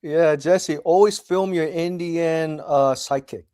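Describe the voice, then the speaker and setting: A man's voice: on the high side, a little slow, warm tone, clean tone. A man in casual livestream chat, chatty and asking lots of questions.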